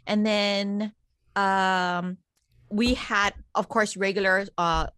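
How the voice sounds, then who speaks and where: A middle-aged woman co-hosting a podcast, telling animated stories in casual chat, swearing freely and checking in with her listeners as she goes. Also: mid-range voice, slow, clean tone, dry recording. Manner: animated storyteller, swears freely, keeps checking in with "okay?" and "right?". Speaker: podcast co-host.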